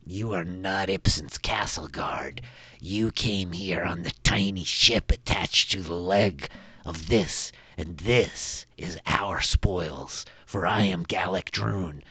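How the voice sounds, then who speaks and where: A pompous little kobold chieftain speaks with slow, haughty menace, as a man puts him on. His voice is deep and husky, and the sound is close and dry. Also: fairly bright tone, no echo, full character voice. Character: pompous male kobold chieftain in an oversized crown.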